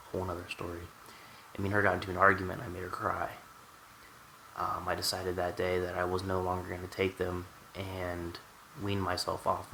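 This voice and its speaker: Male vlogger, low-ish bright voice, candid wry storyteller. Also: a little hiss or hum, rough recording. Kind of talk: storytime vlog.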